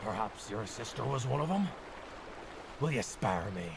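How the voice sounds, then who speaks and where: A gravelly, sly captured pirate. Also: male voice, mid-range voice, expressive, normal speed, heavy background noise. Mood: bargaining. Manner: wheedling, then sly and taunting. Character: cunning captured male pirate posing as a farmer, pleading then mocking.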